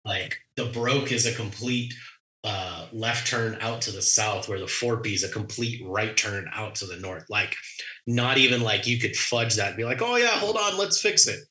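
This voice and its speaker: A man's voice: lowish voice, moderate pace, reverberant, rough recording. A man co-hosting an aviation podcast, chatting casually and chiming in with agreement. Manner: relaxed, chimes in with agreement. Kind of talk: casual chat.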